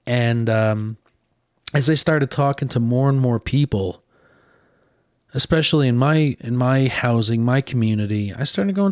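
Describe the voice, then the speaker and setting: A man's voice: medium pitch, expressive, a little slow, darkish tone, no echo, clean studio sound. A man from northern New Jersey, a podcast host telling a story in a casual, chatty way full of fillers and raised mimicking voices.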